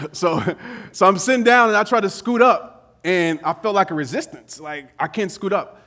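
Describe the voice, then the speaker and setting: High-voiced animated man telling a story on stage. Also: normal speed. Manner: animated, conversational, acts out quotes, laughs often. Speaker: motivational keynote speaker. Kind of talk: storytelling keynote speech. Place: conference stage before a live audience.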